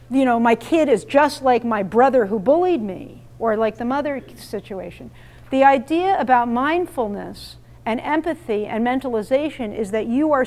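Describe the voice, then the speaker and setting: A woman with a somewhat high voice runs a live parenting workshop, speaking emphatically and firing questions at her audience. She keeps things interactive, shifting between explaining and prompting the room. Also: a little mellow. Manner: emphatic, quizzes the audience, role-plays lines to kids. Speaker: workshop presenter.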